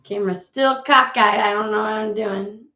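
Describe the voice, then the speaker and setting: A woman chats her way through a casual tarot live stream, rambling from thought to thought and swearing without a second thought. Her voice sits at an everyday middle pitch. It comes through a home webcam with plenty of room echo and a slightly muffled, dull tone. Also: fairly even intonation, moderate pace, sharp tone. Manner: rambling and chatty, swears freely.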